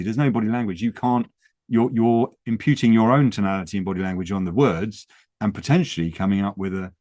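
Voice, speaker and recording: A man's voice: on the low side, a little mellow, no room sound. A man giving practical advice on a podcast, explaining in a conversational way with rhetorical questions. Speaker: property investment educator. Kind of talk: podcast talk.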